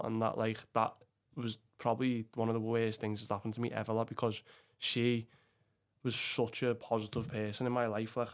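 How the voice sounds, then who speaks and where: A man's voice: lowish voice, a little mellow. A young man with a Liverpool Scouse accent, a podcast guest telling a personal story bluntly, swearing often and calling the listener "lad". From England. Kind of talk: emotional storytelling.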